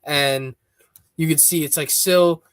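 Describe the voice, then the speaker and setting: A man with a slightly raised voice talks casually as a podcast guest. He rambles, loops back over his words and builds up excitement. The sound is dry and close, with no room in it. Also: on the high side, takes it slowly, smooth, no echo. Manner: rambling, restarts often, excitable. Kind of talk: casual chat.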